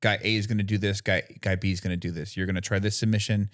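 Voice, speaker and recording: A man with a fairly low voice co-hosting a casual podcast chat, recorded close and dry with no room sound. He explains things at length, searching for the right words as he goes and checking in with "you know what I mean". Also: level tone, fast, fairly bright tone, no room sound. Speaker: podcast co-host.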